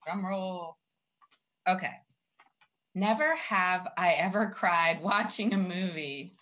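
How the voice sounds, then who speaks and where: Middle-aged woman co-host, bright tone, easy laugh, emotional. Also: fairly low pitch, lively intonation, slow pace, dull audio. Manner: warm-hearted, laughs easily, emotional. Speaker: podcast co-host. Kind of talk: casual chat.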